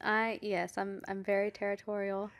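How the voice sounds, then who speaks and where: A woman's voice: mid-range voice, level tone, moderate pace. A young woman co-hosting a podcast, chatting casually with dry, teasing banter. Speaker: podcast co-host. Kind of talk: casual chat.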